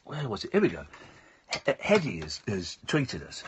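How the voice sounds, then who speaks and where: A man's voice: on the low side, wildly swooping pitch, moderate pace, dull audio, a little hiss or hum. A man hosting a late-night radio chat show, talking in a rambling, jokey way with lots of stammers and restarts. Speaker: radio host. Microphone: studio microphone.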